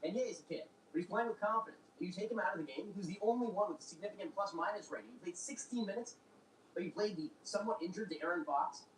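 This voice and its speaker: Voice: medium pitch, fast talker. A commentator ranting indignantly and firing off rhetorical questions, heard as a played clip. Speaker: political commentator. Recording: echoey, distant, faint background noise.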